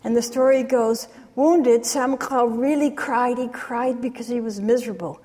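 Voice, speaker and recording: A woman giving an academic lecture, retelling stories in a measured way with pauses. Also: fairly high pitch, steady tone, mellow. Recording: long reverb of a large hall.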